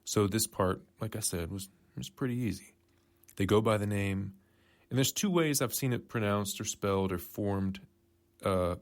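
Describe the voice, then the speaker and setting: A man hosting a casual news commentary show, rambling and conspiratorial, often correcting himself mid-sentence. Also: on the low side. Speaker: podcast host.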